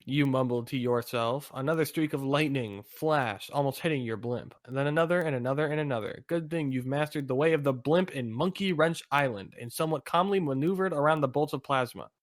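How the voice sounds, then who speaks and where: A man's voice: mid-range voice, fairly quick, few pauses, dry recording. Young man reading fan fiction aloud, dry. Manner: amused, breaks into laughter between lines. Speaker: podcast co-host and narrator.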